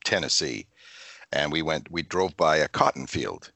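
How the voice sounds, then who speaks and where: A man's voice: rumbling low, moderate pace, vocal fry, dry recording. A Canadian man co-hosting a casual chat and telling a funny anecdote, acting out what people said. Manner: animated anecdote teller, acts out quotes.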